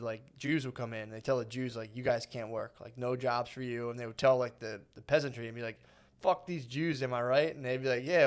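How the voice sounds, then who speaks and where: A man's voice: mid-range voice, smooth. A man in his thirties co-hosting a podcast, rambling through stories in casual banter, swearing and acting out voices. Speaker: podcast co-host.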